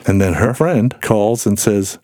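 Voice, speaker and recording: A man with a low, warm voice tells stories in an easy conversational way. He brings the people in his stories to life by acting out their voices. The sound is close and dry, with no room echo. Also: measured pace. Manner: animated storyteller, acts out quoted voices. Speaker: podcast guest. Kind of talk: casual storytelling conversation.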